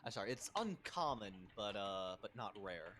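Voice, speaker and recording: Guy dm with a lowish voice, kinda hesitant, lots of uh and restarts, faint background hiss. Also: very animated, moderate pace, a bit bright. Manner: hesitant, many fillers and restarts. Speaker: game master. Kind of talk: running a tabletop game online.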